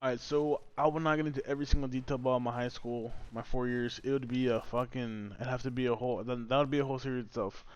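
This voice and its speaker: A man's voice: mid-range voice, little pitch movement, fast talker, hardly any pauses, smooth. A young man vlogging, casually retelling a story from his school days in a rambling, profane way. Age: young adult. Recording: dry, slightly dull close recording.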